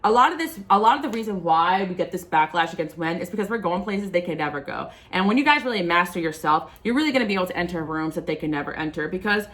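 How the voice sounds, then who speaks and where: Impassioned woman with a lowish voice. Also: animated, fast talker, hardly any pauses, fairly bright tone. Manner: impassioned, rambling, frequent fillers. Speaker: spiritual tarot reader. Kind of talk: casual monologue to camera.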